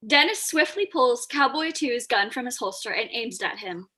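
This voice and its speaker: Bright husky woman reading stage directions. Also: a little high, lively intonation, moderate pace.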